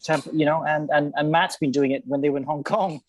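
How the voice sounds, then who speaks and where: A man's voice: a little high, steady tone, fairly quick, slight background noise, low-quality recording. A man who once raced, chatting loosely on a video call panel, rambling with fillers and restarts. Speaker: F1 presenter and former racing driver. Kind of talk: casual panel chat over video call.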